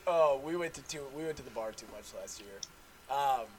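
A young man hosting a casual chat, loudly telling stories with lots of laughing and swearing. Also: medium pitch, expressive, moderate pace, a crowd in the background. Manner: loud, laughing storyteller, swears freely.

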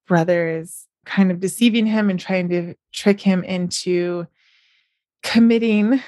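A woman's voice: mid-range voice, a little mellow, no echo, clean studio sound. A middle-aged woman, chatting on her podcast in a casual, upbeat way and often smiling as she talks. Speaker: podcast host and novelist. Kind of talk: casual solo podcast chat.

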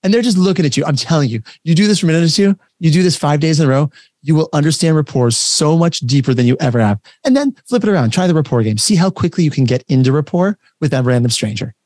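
A man coaching a workshop over a video call, talking in an energetic, conversational and emphatic way. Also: fairly high pitch, fast, no room sound, clean studio sound. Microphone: webcam setup, facing camera.

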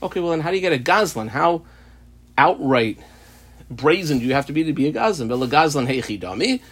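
Male Talmud teacher, reads text then explains, animated questioning delivery, slightly high voice. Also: a little fast, husky. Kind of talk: daily page study lesson.

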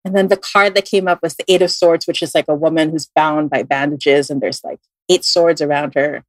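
Chatty low-voiced woman telling a story. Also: fairly quick, no echo. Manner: animated, frequent "like" fillers. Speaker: tarot reader telling a story. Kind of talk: casual storytelling.

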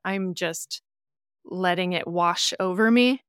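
A woman from the American Midwest talks as a podcast guest, telling stories with animated quoted voices. Her voice sits a bit low and comes across smooth and resonant. The sound is dry and close. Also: takes it slowly, no echo. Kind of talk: casual podcast conversation.

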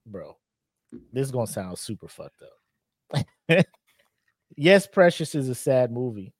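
Animated man telling stories, dry close mic. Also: mid-range voice, slow pace, breathy edge, no echo. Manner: animated storytelling, acts out scenes with bursts of loud voices. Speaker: podcast co-host. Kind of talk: casual chat.

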